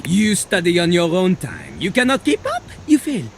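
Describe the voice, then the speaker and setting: A cocky French toilet rapper. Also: male voice, sits high, wildly swooping pitch, moderate pace, faint music behind, full character voice. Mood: boastful. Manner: boastful, raps and beatboxes in rhyme.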